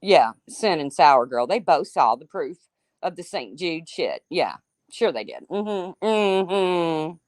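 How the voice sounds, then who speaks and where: A woman's voice: low-pitched, sing-song, slow, no room sound, studio quality. A woman hosting a livestream, ranting heatedly with lots of swearing and calling out chat viewers by name. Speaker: livestream host.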